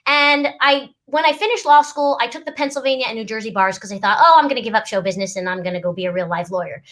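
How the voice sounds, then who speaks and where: A middle-aged woman, a voice actress and lawyer, chatting casually and animatedly, often acting out voices. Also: fairly high pitch. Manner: animated, quick to laugh, acts out voices. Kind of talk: casual chat.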